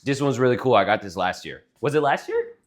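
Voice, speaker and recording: A man's voice: mid-range voice, a little fast. A young man co-hosting a casual podcast with his sister, telling stories animatedly and swearing freely. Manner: animated storytelling, acts out quotes, swears a lot. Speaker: podcast co-host. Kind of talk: casual chat.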